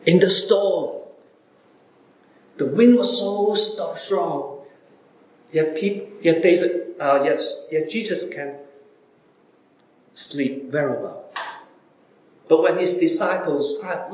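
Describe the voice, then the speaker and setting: A male preacher with a fairly high voice delivers his sermon slowly and deliberately. He presses his listeners with one rhetorical question after another, swinging from loud emphasis to near-quiet. The sound echoes around the room. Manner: repeated rhetorical questions to listeners, wide dramatic swings in pitch and loudness.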